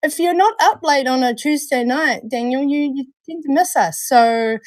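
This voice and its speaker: Brief: New woman co-hosting a live chat show, higher voice, dry close sound, giggly and chatty. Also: lively intonation, normal speed, a little mellow, no echo. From New Zealand. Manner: bubbly, laughs often, calls people darling. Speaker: livestream co-host. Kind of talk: casual live-stream chat.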